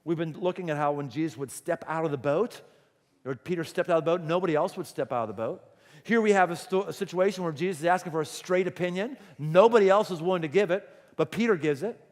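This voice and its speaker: A man's voice: a little high, fast, long reverb tail. A male pastor preaching a sermon, telling the story dramatically and animatedly. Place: church auditorium.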